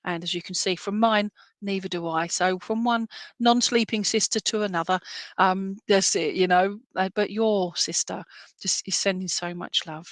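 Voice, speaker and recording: A British woman medium speaks softly and reassuringly as she passes on a message from spirit. She sits at an ordinary middle pitch and often pauses to check in with her listener. The sound is dry and close, with no room around it. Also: fairly even intonation, no room sound. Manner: gentle, reassuring, checking in with "all right?" and "okay?".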